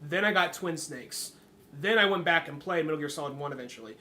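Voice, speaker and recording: A man's voice: a little high, lively intonation, fairly quick, pushed and bright, slight background noise. A man co-hosting a podcast in casual chat, hesitant and full of "like", laughing as he talks. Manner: hesitant, many likes, laughs into his lines. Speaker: podcast co-host.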